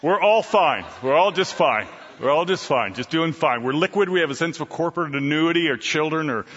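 A man's voice: on the high side, lively intonation, fairly quick, a bit bright, slightly rough, long reverb tail, lo-fi sound. A man voicing a stiff, overly chipper churchgoer who insists everything is fine. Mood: fake-cheerful.

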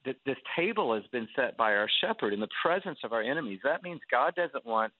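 A man who is a guest preacher, telling a story with animated delivery and acting out the voices of the people in it. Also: medium pitch, fairly quick, dry recording. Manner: acts out quoted voices. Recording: tinny phone line.

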